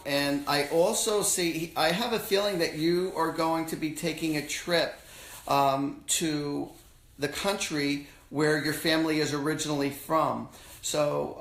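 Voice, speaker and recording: A man hosting a live stream as a psychic medium, talking casually and haltingly while he passes on messages in slangy quoted phrases. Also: fairly high pitch, a bit bright, roomy sound. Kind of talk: live-stream readings for callers.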